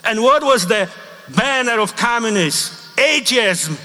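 A middle-aged man from Poland with a Polish accent, preaching a sermon with personal testimony in emphatic, non-native English and slowly repeating the lines he quotes. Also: very high voice, lively intonation, pushed and bright. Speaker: priest. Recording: long reverb of a large hall.

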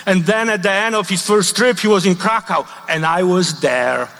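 High-voiced priest with Polish accent. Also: male voice, fairly bright tone. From Poland. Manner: emphatic, repeats quoted lines slowly, non-native grammar. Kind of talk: sermon with personal testimony. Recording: long reverb of a large hall.

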